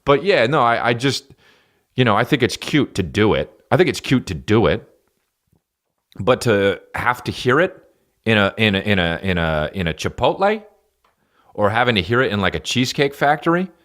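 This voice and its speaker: A man hosting a podcast, riffing in a rambling, profane comic style with sudden loud jumps. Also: lowish voice, expressive, moderate pace. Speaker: podcast host and stand-up comedian. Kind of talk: casual solo podcast rant.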